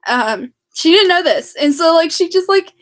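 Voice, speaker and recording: A young woman vlogging casually to camera, rambling and excitable, with many fillers and restarts. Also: extremely high pitch, normal speed.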